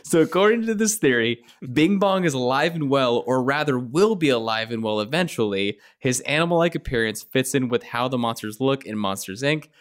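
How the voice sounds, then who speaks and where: A man in casual podcast chat with a middle-pitched voice. He reads passages aloud in an easy, jokey way and laughs often between thoughts. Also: animated, a little fast, hardly any pauses. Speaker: podcast co-host.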